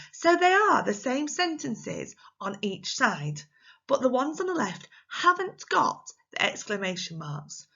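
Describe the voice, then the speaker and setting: A woman teaching young children in a recorded lesson, speaking slowly and clearly with an English accent and acting out her examples in an exaggerated, expressive voice. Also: medium pitch, dull audio. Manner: slow, clear, encouraging talk to small children. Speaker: primary school teacher.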